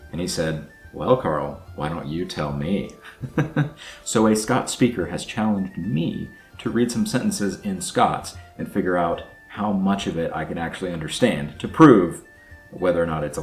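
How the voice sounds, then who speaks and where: In a casual language-learning vlog, a male host with a low, darkish voice explains things chattily and thinks aloud while working through words. The room is echoey, with faint music in the background.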